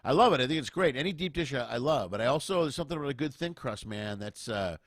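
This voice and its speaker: A middle-aged man hosts a casual chat with an easygoing enthusiasm, and his voice is mid-pitched. The sound is dry and close. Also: animated, fast, no room sound. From Chicago. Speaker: podcast host. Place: home, remote call.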